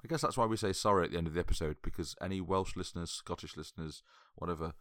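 A man co-hosting a podcast in casual chat, enthusiastic and halting with repeated starts. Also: low voice, fairly bright tone, no echo, clean studio sound. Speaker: podcast co-host.

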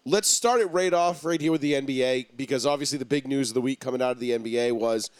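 A man hosting a casual sports talk show, arguing his points emphatically with drawn-out pauses. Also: medium pitch, clear, resonant tone, no echo. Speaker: podcast host.

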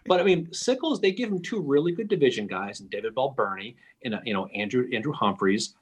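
A man co-hosting a podcast, talking through history in an animated, analytical way with many restarts. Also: medium pitch, quick pace, slightly rough. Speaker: podcast co-host. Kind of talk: casual history discussion.

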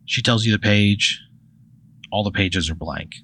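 A man co-hosting a comedy podcast, telling an improvised story deadpan and filling his talk with "like". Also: on the low side, a little slow, slight background noise, rough recording. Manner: deadpan, heavy use of "like". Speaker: podcast co-host.

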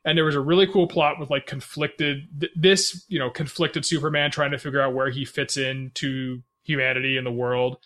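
A man co-hosts a casual podcast about movies, rambling with plenty of fillers and restarts and laughing often. His mid-range voice is fairly bright with fairly even intonation, and he talks at a moderate pace with hardly any pauses.

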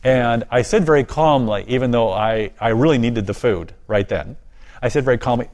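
An earnest man speaks as an interview guest, his voice sitting at an ordinary middle pitch. He talks with eager enthusiasm, often laughing lightly between his points. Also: a little fast, a little mellow. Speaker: guest, ministry volunteer and author. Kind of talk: interview conversation.

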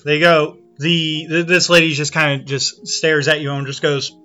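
A man running a tabletop game, describing the scene in a stop-and-start way full of fillers. His voice sits high and bright, with a sharp, forceful tone. Faint music plays underneath. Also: little pitch movement, normal speed, few pauses, muffled recording. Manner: hesitant, many fillers and restarts. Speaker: game master.

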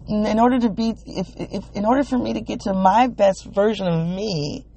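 A woman hosting a solo wellness podcast, thinking aloud in a halting, searching, emotionally open way. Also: mid-range voice, gravelly, warm tone, a little hiss or hum. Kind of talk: reflective solo podcast monologue.

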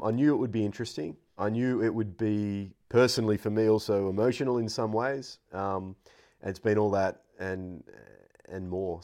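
A man hosting a podcast interview, speaking in a halting, heartfelt way. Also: lowish voice, a little mellow. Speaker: podcast host. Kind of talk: casual interview.

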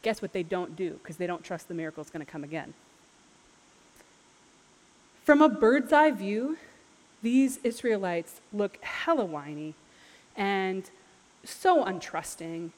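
A woman preaching a sermon, retelling scripture in a casual, lively storytelling manner with playful asides. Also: medium pitch, unhurried. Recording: long hall reverb.

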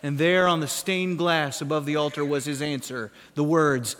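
A man preaching a sermon as a pastor, animated and fond of questions and stories. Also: on the high side, normal speed, long reverb tail.

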